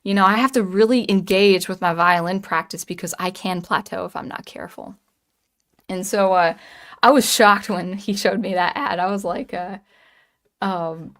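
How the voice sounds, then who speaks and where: A brisk, medium-pitched woman in her late thirties chats casually on a livestream. She tells a story with lots of restarts and reads the chat aloud.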